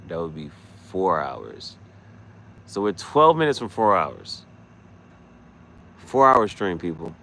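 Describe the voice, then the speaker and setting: A man vlogging late at night, thinking out loud and trailing off into mutters and restarts. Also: very deep voice, vocal fry, slight background noise. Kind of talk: late-night rambling vlog.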